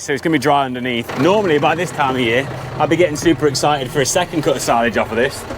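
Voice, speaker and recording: A farmer vlogger films his own work outdoors on the farm and from inside a tractor, rambling casually and making fun of himself as he goes. His voice is medium-pitched, and the recording carries a little hiss or hum.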